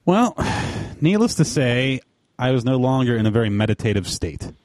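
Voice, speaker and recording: A man's voice: medium pitch, big pitch swings, moderate pace, a little mellow, no room sound, clean studio sound. A man telling a rambling, profane story in casual podcast chat, mocking himself.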